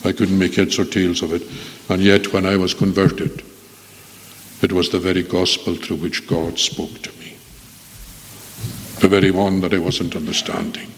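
Man, low voice, earnest sermon, pleading, long hall echo. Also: level tone, normal speed, pauses often, a little hiss or hum. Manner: earnest pleading, rising and falling. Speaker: preacher.

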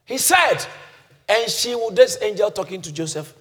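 Animated preacher man, lively pitch. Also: moderate pace. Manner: animated preaching, swings from soft to shouting; congregation shouts back responses. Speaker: pastor. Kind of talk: sermon.

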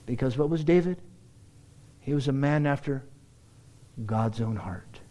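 A man preaching a sermon, building to excited, emphatic peaks. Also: mid-range voice, unhurried. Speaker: pastor.

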